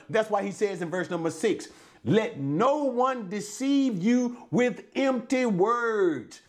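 A man preaching and teaching from the Bible, stressing words emphatically and drawing them out, with frequent fillers. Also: sits high.

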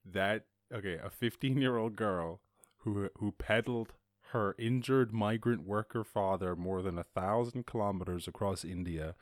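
A podcast host reads news headlines and riffs on them in a rambling, joking way, swearing now and then, as casual news commentary. His voice is on the low side and a little slow, in clean studio sound with no echo.

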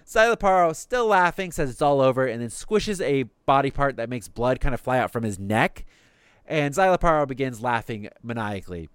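A man's voice: mid-range voice, animated, normal speed, smooth, dry recording, studio quality. A man casually recapping anime episodes on a podcast, cursing freely and slipping into the characters' lines. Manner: swears casually, acts out quotes in passing.

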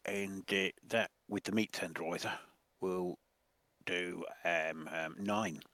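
Hesitant player, low voice, dry recording. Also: male voice, steady tone, takes it slowly, a bit bright, no echo. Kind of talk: playing a tabletop game.

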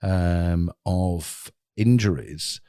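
Gravelly-voiced man, casual talk. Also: low voice, extremely slow, warm tone, no room sound, clean studio sound. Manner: chatty, explains with statistics, many fillers. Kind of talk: casual chat.

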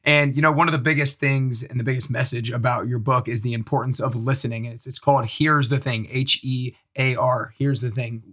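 A man's voice: medium pitch, fairly even intonation, brisk, few pauses, a bit bright. A man hosting a podcast, upbeat and enthusiastic as he introduces and interviews his guest. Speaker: podcast host.

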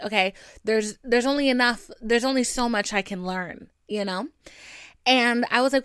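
A woman's voice: fairly high pitch, brisk, smooth, no echo, studio quality. Candid, swearing young woman. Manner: candid, profane, animated storytelling. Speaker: podcast host. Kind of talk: casual solo podcast venting.

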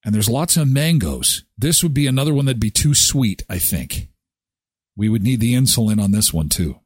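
A man's voice: mid-range voice, moderate pace, husky, no room sound, clean studio sound. A man hosting a live daily show in casual chat, reacting with exclamations and jokes. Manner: animated, exclaiming and joking.

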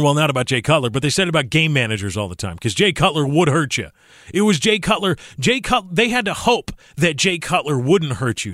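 A young adult man hosting a casual sports podcast, animated, sometimes slipping into mock commentator voices. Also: on the high side, no echo, clean studio sound. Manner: animated, mimics commentators in a raised voice. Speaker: podcast host.

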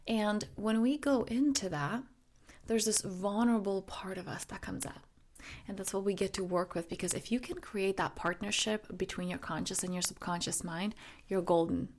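Soft-spoken woman podcast host, gravelly edge. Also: medium pitch, normal speed. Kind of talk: reflective solo podcast talk.

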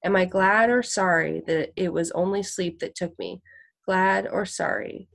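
Storybook tramp, male, fallen gentleman, grim and weary, read by a woman. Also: on the low side, steady tone, unhurried, creaky. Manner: grim, muttering to himself.

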